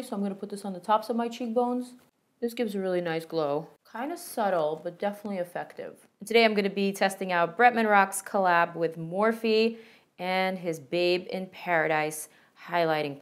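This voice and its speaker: Through a makeup tutorial and product review, a young woman talks with real enthusiasm in a mid-range voice. She's a beauty vlogger, and she sprinkles in playful side comments.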